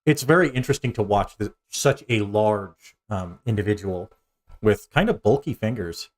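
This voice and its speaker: A man narrating a tabletop role-playing game as game master, animated and often restarting his sentences. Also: on the low side, normal speed.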